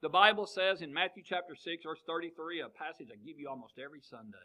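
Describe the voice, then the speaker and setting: A man's voice: a little high, fast talker, bright, forceful tone, poor audio. A man, preaching a sermon and asking the congregation one question after another. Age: 50s. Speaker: pastor.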